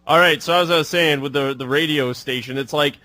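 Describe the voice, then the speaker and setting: A man's voice: on the high side, a little fast, pushed and bright, dry recording. A young man co-hosting a casual online talk show, ranting bluntly and with profanity over glitchy, robotic-sounding voice chat audio. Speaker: podcast co-host.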